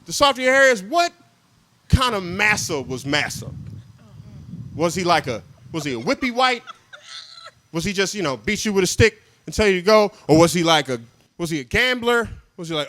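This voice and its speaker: High-voiced young male stand-up comic. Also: sing-song, fairly quick, no echo. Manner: chatty, self-mocking, drops to quiet asides; laughs at his own jokes. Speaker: stand-up comedian. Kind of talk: stand-up comedy set.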